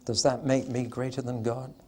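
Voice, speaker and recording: A man's voice: medium pitch, flat delivery, normal speed, dark tone, a little hiss or hum. A man giving a Bible teaching talk to an audience, emphatic and conversational with dry humor, swelling suddenly on stressed words and drawing them out.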